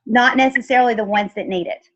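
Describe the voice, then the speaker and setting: A woman's voice: on the high side, fast talker, fairly bright tone. Upbeat woman on dull lo-fi audio. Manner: upbeat, acts out quoted people. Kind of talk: casual chat.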